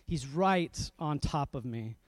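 Pastor guy telling a funny story at a sermon, laughs at himself a lot, bit high voice, dry sound. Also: slow pace, dry recording. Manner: self-deprecating, laughs often, animated storytelling.

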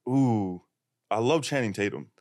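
A man's voice: lowish voice, animated, measured pace, a little mellow, no echo, studio quality. A man hosting a podcast in a casual, rambling way with lots of fillers. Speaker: podcast host. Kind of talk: casual chat.

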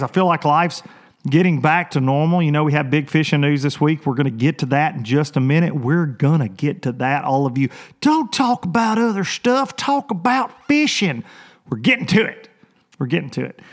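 Rambling man hosting a fishing vlog. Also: on the high side. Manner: rambling and excitable, many restarts. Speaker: fishing show host. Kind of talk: casual vlog opening talk.

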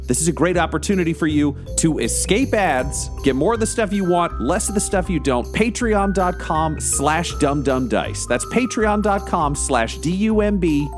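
A man's voice: on the high side, lively intonation, normal speed, over music. Upbeat man reading a podcast ad. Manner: upbeat, salesy. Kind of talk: promotional read.

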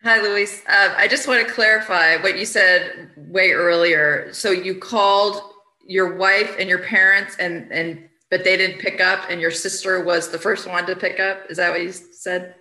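A woman's voice: lowish voice, fairly even intonation, unhurried, sharp tone, roomy sound, poor audio. A woman sports reporter carefully clarifying what a player said earlier at a press conference.

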